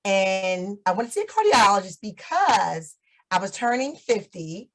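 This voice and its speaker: A woman's voice: medium pitch, sing-song, a little slow, a bit bright, poor audio. A woman in her fifties, a guest on an interview show, telling her story in a chatty way and laughing often. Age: 50s.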